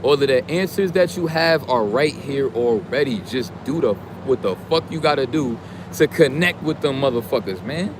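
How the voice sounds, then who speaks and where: A man giving a casual, profane motivational rant in street slang, preaching and sometimes shouting. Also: mid-range voice, animated, normal speed, noisy background. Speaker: streamer giving motivational talk.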